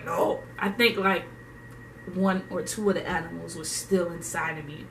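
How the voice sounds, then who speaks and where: A young woman from Haiti telling a story to her camera in a casual, slangy, animated way, often laughing as she talks. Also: medium pitch, moderate pace, far from the mic, a little hiss or hum. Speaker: vlogger.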